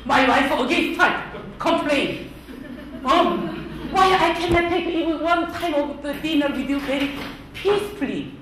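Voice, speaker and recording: A Korean-accented woman mimicking her fretful middle-aged husband, grumbling in a rushed way. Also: high voice, expressive, background noise. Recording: very echoey hall.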